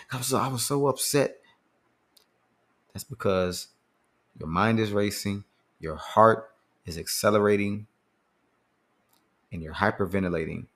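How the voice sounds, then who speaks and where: A man hosting a podcast, talking earnestly and casually about handling anger, often repeating words as he thinks. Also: low-pitched. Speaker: podcast host. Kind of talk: casual motivational talk.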